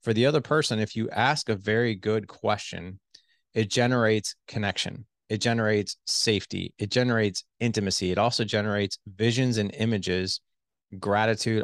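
A middle-aged relationship coach with a lowish voice appears in a podcast interview, animatedly explaining communication skills and voicing both his wife and himself. The audio is studio quality with no room sound.

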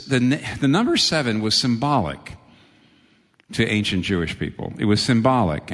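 Male preacher, low and animated, sermon in a reverberant hall. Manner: animated, rising sharply for quoted lines. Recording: long reverb of a large hall.

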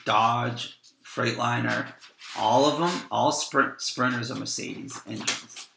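A van traveler, guesting on a podcast, tells stories casually, rambling and repeating words as he acts out what people said. His mid-range voice is creaky, bright, and forceful, and he takes it slowly. The recording has a roomy echo and slight background noise.

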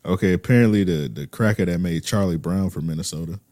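A man's voice: deep voice, fast, a little mellow, no room sound. A man co-hosting a casual chat, bantering loosely with heavy slang.

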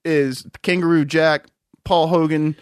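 A man's voice: fairly high pitch, fairly even intonation, unhurried, clear, resonant tone, dry recording, clean studio sound. A man co-hosting a podcast in casual banter, joking and laughing a lot and trailing off mid-thought. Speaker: podcast co-host.

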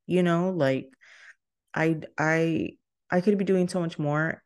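Rambling, chatty low-voiced woman. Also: takes it slowly, darkish tone. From Texas. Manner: rambling and chatty, laughs often, self-interrupting. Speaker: podcast host. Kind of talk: casual solo podcast chat.

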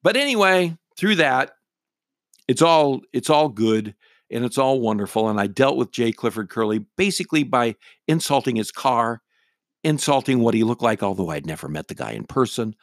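A man's voice: mid-range voice, expressive, moderate pace, no echo, studio quality. A middle-aged man, a radio talk show host, telling a story casually in a blunt, wry and irreverent way.

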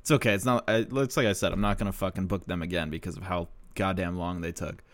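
A man's voice: deep voice, fairly even intonation, fast talker, fairly bright tone, dry recording. A young man telling rambling, profane stories in a casual monologue, laughing often. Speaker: show promoter telling stories.

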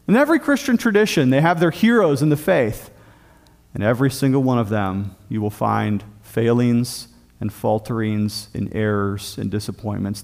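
A man preaching a sermon as pastor of a church, emphatic, often dropping low and quiet on key points.

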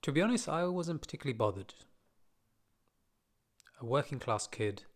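A man recounts a memory in a relaxed, conversational monologue. His pitch sits in an ordinary middle range, and he drops in wry, self-deprecating asides as he talks. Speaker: podcaster telling a personal story. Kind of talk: casual storytelling monologue.

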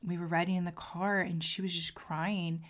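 A woman hosting a podcast as a coach, talking to listeners in an earnest, heartfelt way and sometimes dropping to a soft near-whisper. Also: lowish voice, little pitch movement, moderate pace. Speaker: podcast host and marketing coach. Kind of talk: casual podcast monologue.

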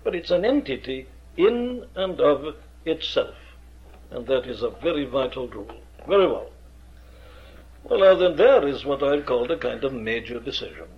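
A man's voice: mid-range voice, animated, normal speed. A man, an experienced preacher lecturing earnestly on how to preach, with emphatic rhetorical questions. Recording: dull lo-fi archive recording.

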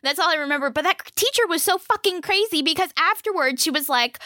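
A young woman telling a story in casual chat, animated, laughing often and swearing freely. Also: very high voice, fast, few pauses, dry recording, clean studio sound.

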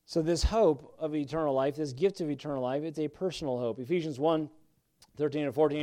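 A man's voice: a little high, brisk, dark tone. A middle-aged male pastor preaching a sermon, emphatic at times, with frequent restarts and fillers.

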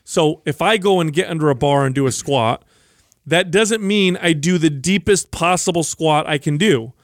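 A man's voice: fairly high pitch, normal speed, no echo, clean studio sound. A man co-hosting a casual fitness podcast, explaining emphatically and correcting misconceptions. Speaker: podcast co-host.

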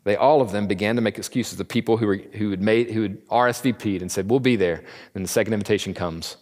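Casual male Bible teacher with a lowish voice, chatty, plays out quotes in voices; echoey church hall. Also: fast talker, darkish tone. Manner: conversational, acts out quotes in slangy voices. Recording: long reverb of a large room.

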